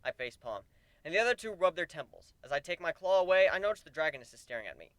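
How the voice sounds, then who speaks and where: A man giving a dramatic first-person reading of a story, swinging from deadpan asides to animated outbursts. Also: on the high side, very fast, dry recording. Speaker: narrator.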